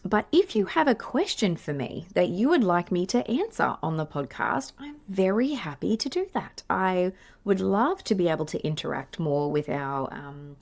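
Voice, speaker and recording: Speaking into a podcast microphone, a forties-aged Australian woman who works as a play therapist chats alone on her show, rambling and gushing. Her pitch is fairly low with a sing-song lilt, vocal fry and a darkish tone, at a moderate pace.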